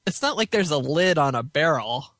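A man's voice: fairly high pitch, very animated, normal speed, a bit bright, no room sound. A man co-hosting a podcast, trading short joking quips in casual banter. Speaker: podcast co-host. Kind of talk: casual chat.

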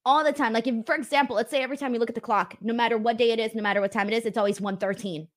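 A woman's voice: on the high side, fairly even intonation, rapid-fire. A woman hosting a casual show, chatty and earnest, laughing often as she tells stories. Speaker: podcast host. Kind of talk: casual chat.

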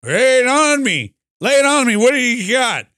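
A man's voice: very high-pitched, very animated, normal speed, bright, forceful tone, pitched above the performer's own voice, exaggerated voice. A man doing a doddering old president. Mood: eager. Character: doddering elderly male president, eager and muddled.

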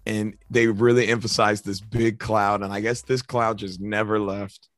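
A man's voice: lowish voice, level tone, normal speed, no echo, studio quality. A man co-hosting a podcast in easygoing casual chat, hesitant with "um" and "uh". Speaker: podcast co-host.

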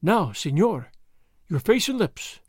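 A man's voice: sits high, very animated, slow, breathy edge, dry recording, clean studio sound, exaggerated voice. A man voicing a brave young noblewoman in an audiobook reading, speaking tenderly and solemnly.

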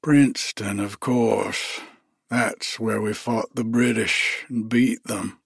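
A man voicing a white-haired old male soldier with a soft, hushed, courteous way of speaking. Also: fairly low pitch, steady tone, slow, vocal fry, husky, no echo, studio quality, exaggerated voice. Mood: earnest.

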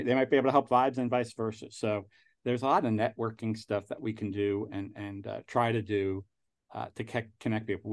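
Mid-range and darkish in tone, this sixty-something New Yorker is a guest angel investor in a casual interview. His talk wanders, with frequent restarts.

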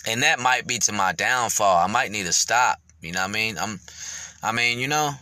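Guy on his podcast just keeping it real, kinda low voice but bright, rambly and swears a lot, dry mic. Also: normal speed, no room sound. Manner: reflective, rambling, many fillers, swears freely. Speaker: podcast host. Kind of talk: candid podcast monologue.

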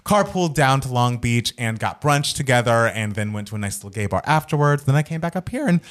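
A young adult man co-hosting a podcast, telling stories in a playful, animated way with campy asides. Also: mid-range voice, fairly quick. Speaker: podcast co-host. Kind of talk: casual chat.

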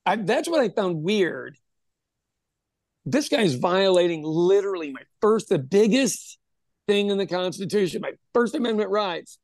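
Gravelly high-voiced man telling a story. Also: normal speed, dry recording, studio quality. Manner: animated storytelling, acting out quotes, swears freely. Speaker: podcast host telling a story; pub owner. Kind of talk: casual chat.

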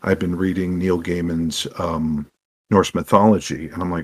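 A man telling animated stories as a podcast guest about running tabletop games, acting out what his players said. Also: low-pitched, moderate pace. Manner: animated, acts out quoted players. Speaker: podcast guest, game master. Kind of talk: anecdotal interview storytelling.

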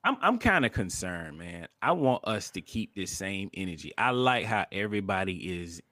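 A man co-hosting a podcast in casual chat, relaxed and conversational, with frequent profanity. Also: deep voice, moderate pace, no room sound. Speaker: podcast co-host.

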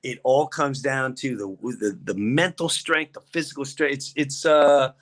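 A man's voice: mid-range voice, measured pace. A man hosting a podcast, telling a story in casual chat and acting out the people in it. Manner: animated, acts out voices in his stories. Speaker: podcast host.

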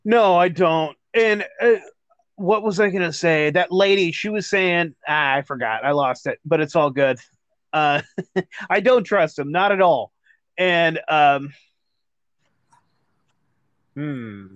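A man's voice: on the high side, slow, long pauses, no echo, dull audio. A man co-hosting a podcast in casual chat, swearing freely and laughing often. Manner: profane, excitable, laughs often. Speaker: podcast co-host.

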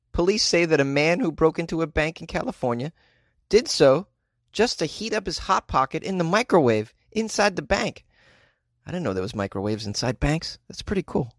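A man with a slightly high voice hosts a comic news podcast, wisecracking, riffing on asides and laughing often at his own jokes. The studio-quality recording has no room sound.

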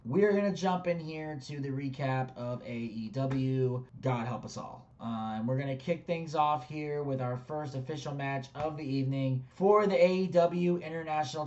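A man's voice: fairly high pitch, a little mellow, dull audio. Blunt, opinionated male podcast host. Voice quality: blunt, opinionated, frequent fillers. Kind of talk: casual solo podcast recap.

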